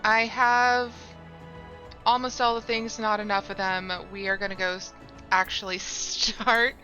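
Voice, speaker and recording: A woman's voice: mid-range voice, level tone, unhurried, sharp tone, lo-fi sound, faint music behind. A woman streamer giving casual, rambling commentary while playing a game, often correcting herself mid-sentence. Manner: chatty, rambling, self-correcting.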